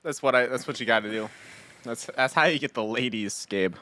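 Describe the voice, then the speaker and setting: A young man co-hosting a podcast, chatting casually as he plays a video game, quick and full of asides. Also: mid-range voice, sharp tone, soft background music. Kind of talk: casual let's-play commentary.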